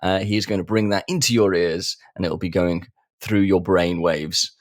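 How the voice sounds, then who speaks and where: A man's voice: low voice, fairly even intonation, moderate pace, dry recording, studio quality. A man co-hosting a podcast, joking and laughing his way through casual banter. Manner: jokey, self-mocking, laughs often. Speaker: podcast co-host.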